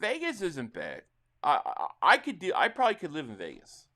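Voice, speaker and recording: A man's voice: a little high, normal speed. A middle-aged man with a New Jersey accent hosts a casual live-stream reaction to a football game. He chats loosely with viewers and calls the plays as they happen. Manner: rambling chat with chat readers, bursts into excited play calls.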